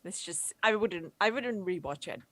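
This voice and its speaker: A woman's voice: lowish voice, lively intonation, normal speed, a bit bright, dry recording. A woman co-hosting a film review show, sounding laid-back and noncommittal and using lots of fillers. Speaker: podcast co-host. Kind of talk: casual film review chat.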